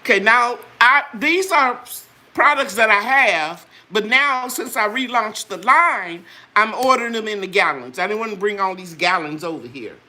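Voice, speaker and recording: A woman's voice: medium pitch, lively intonation, normal speed, hardly any pauses, bright, forceful tone. An older woman hosting a live chat, sharing a personal testimony with religious fervor before talking about her products. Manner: earnest, preachy, talks straight to viewers. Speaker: channel host selling her products.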